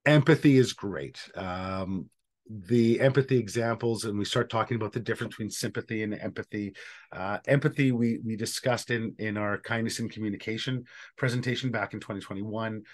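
A man's voice: fairly low pitch, a little fast. A man leading an online training session for facilitators, talking casually and thinking aloud with fillers.

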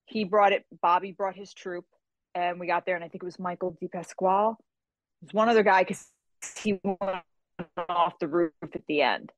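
A woman guesting on an interview show, telling stories in a lively, casual way and acting out the voices of people she quotes. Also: fairly low pitch, moderate pace, dull audio. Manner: animated storyteller who acts out quoted voices. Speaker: guest author.

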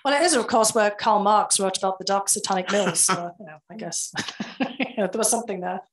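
A woman with a carefully enunciated Northern English accent, answering interview questions in a measured, explanatory way with frequent fillers. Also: mid-range voice, a little hiss or hum, low-quality recording. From England. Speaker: guest, former security official.

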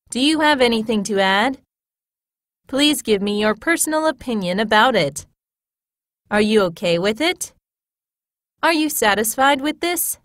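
A woman with a fairly high, very expressive voice reads classroom English phrases one by one in a clear, measured, teacher-like manner. She takes her time over each line. The studio sound is close and dry. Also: no echo. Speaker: narrator reading phrases.

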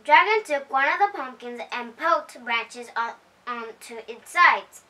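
A woman hosting a storytime, reading a children's picture book aloud at home in a cheerful, unhurried way. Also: high voice, expressive, sharp tone. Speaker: storytime host. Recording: voice heard from a distance.

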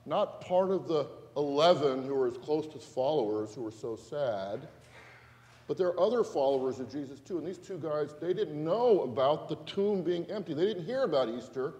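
A man with a fairly high, mellow voice leads a playful children's sermon as pastor, quizzing the kids and getting them to move around. It takes place in a large church sanctuary, and the recording echoes like a church hall.

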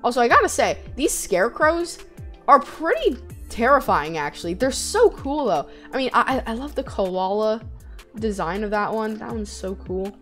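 Excitable high-voiced woman gaming host. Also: normal speed, soft background music. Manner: excitable and chatty, many likes and restarts. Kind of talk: let's-play commentary.

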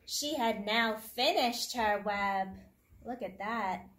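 A woman's voice: on the high side, slow, fairly bright tone. A woman hosting story time for young children, reading a picture book aloud in a sing-song teacher voice and making the animal sounds.

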